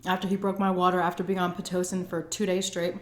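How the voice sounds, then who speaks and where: Woman vlogger, animated casual storyteller, recorded in a roomy space. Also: fairly low pitch, quick pace. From Texas. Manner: chatty and dramatic, acts out quoted people. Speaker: food vlogger telling a birth story. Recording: roomy echo.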